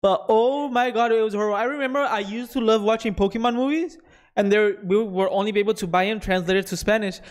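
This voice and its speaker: A young adult man co-hosting a podcast in a casual chat, easygoing and a little hesitant as he tells stories. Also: high voice. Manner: easygoing, hesitant, drawn-out storytelling. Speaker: podcast co-host.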